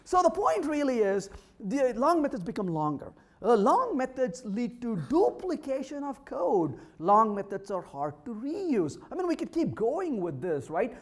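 Animated man giving a witty tech talk. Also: very high-pitched, a little slow. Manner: animated, polls the audience, wry jokes. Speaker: conference speaker. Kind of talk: humorous technical talk to a live audience. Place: meetup room.

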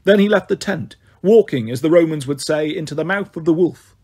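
A man's voice: fairly high pitch, brisk, a little mellow, husky. A man narrating an audiobook in first person, telling the story expressively.

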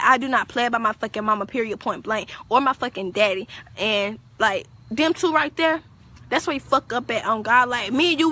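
A teenage girl telling a story on a livestream, profane, animated and defiant. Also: fairly high pitch. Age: teens.

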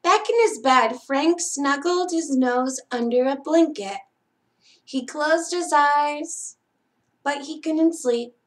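A woman librarian reading a bedtime storybook aloud to children, gentle and expressive, with little sound effects. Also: high voice, takes it slowly.

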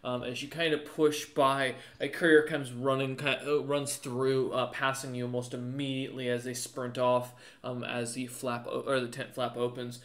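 A man's voice: mid-range voice, flat delivery, normal speed, few pauses, fairly bright tone, reverberant. A man narrating as game master, rambling along with many fillers and self-corrections.

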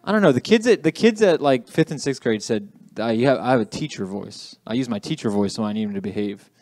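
A man's voice: medium pitch, expressive, fast talker, a little mellow, dry recording, clean studio sound. A young adult man giving a casual youth sermon as youth pastor, chatty and self-deprecating, often checking in with "okay?". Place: church youth room.

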